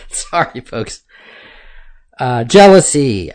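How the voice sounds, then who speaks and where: A man talking straight to his listeners in a loose, chatty monologue. He keeps addressing them directly and fills pauses with hesitations. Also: mid-range voice, very animated, darkish tone. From United States. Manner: conversational, keeps saying "folks", many fillers. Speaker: commentator host. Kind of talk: casual monologue commentary.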